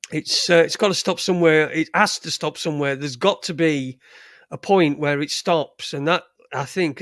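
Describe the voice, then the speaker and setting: A man hosting a casual live stream, swearing freely and rambling through halting restarts. His voice sits fairly high for a man, and the sound is dry and close with no room echo. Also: a bit bright, clean tone. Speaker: live show host.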